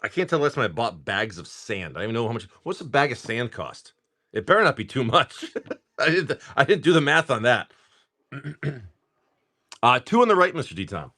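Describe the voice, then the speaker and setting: A man hosting a casual livestream who greets viewers by name, chats, and swears freely while opening card packs. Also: mid-range voice. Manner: animated, quick bursts of talk. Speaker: card-breaking livestream host.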